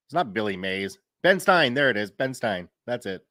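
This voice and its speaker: A man's voice: mid-range voice, sing-song, normal speed, bright, forceful tone, no room sound, studio quality. A man in his thirties chatting casually on a live stream, reading viewer comments aloud and laughing easily. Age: 30s. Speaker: streamer and story reader.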